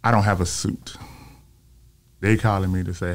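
On an interview show, a filmmaker in his fifties with a deep voice recounts personal stories at a normal speed. His manner is casual and animated, and he mimics the voices of people he quotes.

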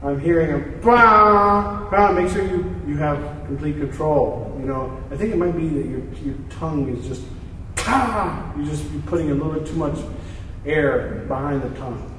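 Brief: male masterclass teacher, halting and relaxed, voice fairly high, heard from a distance in a reverberant hall. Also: slight background noise. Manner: relaxed, hesitant, sings phrases to demonstrate. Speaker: tuba teacher. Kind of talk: masterclass coaching. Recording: echoey hall from far off, faint ambience.

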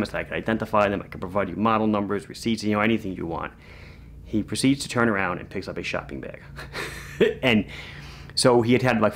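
A man's voice: lowish voice, vocal fry, slight background noise. A middle-aged man, a watch shop owner telling a story on his vlog and acting out the quotes. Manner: animated storyteller, acts out quotes.

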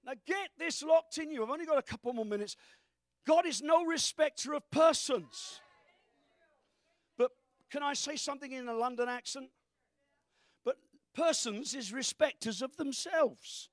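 A man preaching with great fervor, his voice sitting very high and rising into shouts to drive his points home. The sound is close and dry, with no room echo. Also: moderate pace, long pauses. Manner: fervent preaching that breaks into shouts. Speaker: pastor. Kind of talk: sermon.

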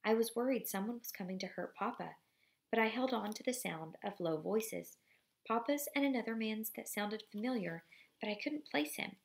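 A woman reading a novel aloud for students, steady and expressive, pausing briefly to apologize for slips. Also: on the high side, gravelly.

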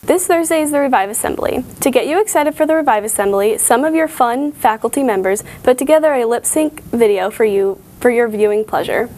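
A woman's voice: fairly high pitch, expressive, fairly quick, few pauses, darkish tone, slight background noise. A teenage girl reading school announcements, upbeat and chatty. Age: teens. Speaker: student announcer.

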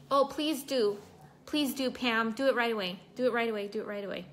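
Woman host, fairly high voice, chatty livestream talk over makeup, emotional, faint room hum behind. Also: brisk. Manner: chatty, reads out viewer comments while doing makeup. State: emotional, recovering from a broken foot. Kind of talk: casual livestream chat.

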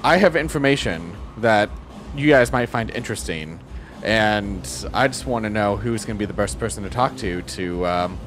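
A man playing a tabletop game, talking in a halting way. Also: on the low side, lively intonation, a bit bright, faint music behind. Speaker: player. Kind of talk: casual tabletop play.

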